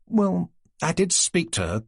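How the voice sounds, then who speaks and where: A wry young policewoman trades dry, teasing banter, as a male narrator lifts his voice for her. Her tone is husky and close, recorded dry in an audiobook. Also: high-pitched, big pitch swings, unhurried, no room sound, voice pushed up, exaggerated voice. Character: young woman detective, wry and breezy.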